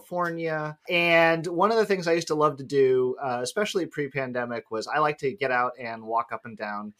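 A man's voice: mid-range voice, a little fast. A man co-hosting a quiz podcast, telling a long casual story and acting out his own past remarks. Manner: rambling, animated quoting of himself. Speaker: podcast co-host.

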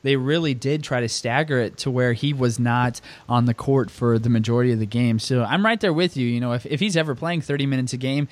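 A man hosting a casual fantasy basketball podcast, brisk and steering the talk. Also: medium pitch, steady tone, no room sound. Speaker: podcast host. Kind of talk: casual fantasy sports chat.

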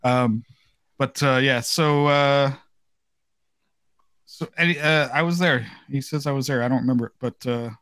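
American man, podcast host, bright tone, rambling, laughing, casual chat. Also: mid-range voice, moderate pace, pauses often, smooth. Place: home, video call.

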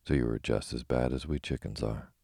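A man reading a bedtime story gives voice to a matter-of-fact yellow hen, in a calm, sleepy manner. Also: rumbling low, brisk, gravelly, no room sound, studio quality, full character voice.

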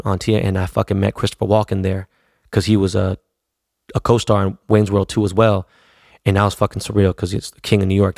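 Gravelly and fairly low-pitched, a forties-aged male podcaster swears and slings slang while telling long, meandering stories in a casual way. The audio is clean studio sound with no room noise.

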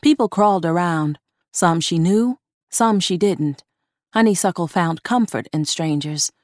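A woman narrating a horror short story in a measured, deliberate reading. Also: on the low side, a little mellow, no room sound, studio quality.

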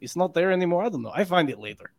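A man's voice: high-pitched, lively intonation, rapid-fire, creaky, pitched above the performer's own voice. A man doing a shrugging Eastern European accent. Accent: put-on Eastern European. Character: laid-back adult man with a put-on Eastern European accent.

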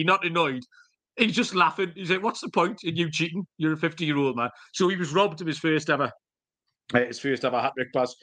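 A man's voice: fairly high pitch, sharp tone. A middle-aged man co-hosting a podcast, telling rambling, jokey stories with some swearing in casual chat. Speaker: podcast co-host.

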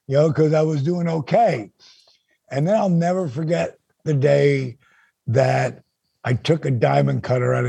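A man with a raspy, gravelly voice telling an animated story in casual chat, acting out the quotes. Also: dry recording. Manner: animated, acts out quotes with big pitch jumps. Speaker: guest storyteller.

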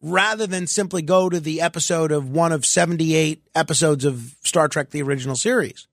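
A man's voice: a little high, brisk, no room sound. A man hosting a talk radio show, giving opinionated commentary with sarcastic, mock-exasperated asides into a studio microphone.

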